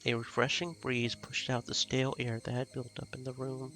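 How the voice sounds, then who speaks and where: A man reading a visual novel aloud as a live stream, in measured, steady storytelling. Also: mid-range voice, faint music behind.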